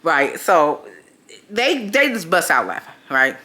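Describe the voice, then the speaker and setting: Lively profane woman storyteller, bright voice. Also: deep voice, slow. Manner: animated, profane, laughing through the story. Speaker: storytime vlogger. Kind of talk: casual storytelling.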